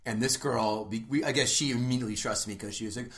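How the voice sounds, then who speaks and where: Blunt, joking man with a bright voice. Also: medium pitch, quick pace, reverberant. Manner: blunt, joking, swears freely. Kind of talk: crude casual chat.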